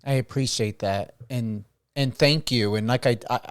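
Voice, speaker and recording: A man hosting a radio chat, answering his guest softly and with thanks. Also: medium pitch, normal speed, clean tone, no echo, studio quality. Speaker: radio host. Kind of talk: casual chat.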